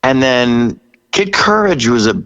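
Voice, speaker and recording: A man in his sixties, a rock singer guest, telling stories in an interview with animated energy, laughing and acting out what people said. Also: mid-range voice, slow pace, lo-fi sound. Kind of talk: storytelling interview.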